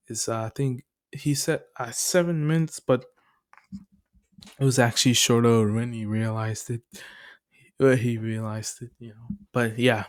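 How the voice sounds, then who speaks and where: A man's voice: medium pitch, darkish tone. A young man casually retelling a fan story, rambling with many fillers and chuckles.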